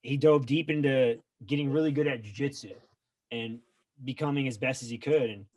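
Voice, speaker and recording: A man's voice: mid-range voice, moderate pace, darkish tone, no echo. A man co-hosting a casual podcast, telling stories in a rambling way with many filler words. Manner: rambling, filler-heavy storytelling. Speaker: podcast co-host. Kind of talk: casual chat.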